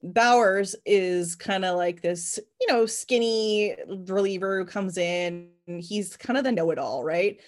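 A woman with a slightly low voice talks through a movie in casual podcast chat. She retells scenes with energy and plenty of filler words. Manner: chatty, animated retelling with quoted voices. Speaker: podcast co-host.

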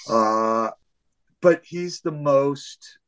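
A man talking casually on a sports podcast. He tells his stories with real animation, lets the swearing fly, and acts out the shouts as he goes. His voice sits at an ordinary middle pitch. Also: very slow, smooth, dull audio. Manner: swears freely. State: hard of hearing. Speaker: podcast host.

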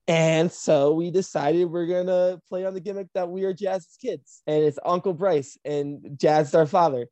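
Woman wrestler, casual profane storyteller, animated delivery, dry close sound. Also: fairly low pitch, normal speed, dry recording. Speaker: professional wrestler.

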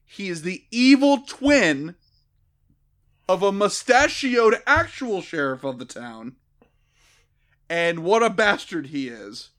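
Podcast co-host, man, sarcastic and crude, slightly higher voice, jokey recap delivery. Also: very animated, slow, pauses often, fairly bright tone. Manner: sarcastic, profane, acts out quotes in jokey voices. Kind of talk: casual comedic recap chat.

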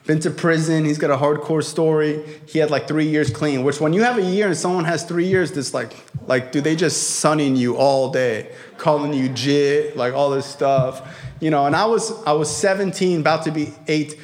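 A stand-up comedian telling a rambling personal story in a casual, profane way. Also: male voice, a little high, steady tone, moderate pace.

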